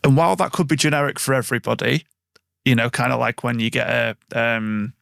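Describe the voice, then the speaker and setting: A man hosts a conversational podcast, his mid-pitched voice gravelly at the edges. He tells stories in a reflective, unhurried way, and the sound is close and dry with no room around it. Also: fairly even intonation, a bit bright, no room sound. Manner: reflective, anecdotal, drawn-out phrasing. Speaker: podcast host. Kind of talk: conversational interview.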